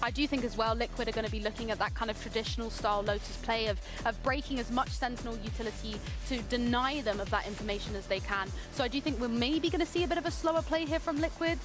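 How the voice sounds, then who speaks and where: Fast-talking woman analyst over music. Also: fairly high pitch. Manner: thoughtful, talks in long explanations. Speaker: esports analyst. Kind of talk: analytical commentary.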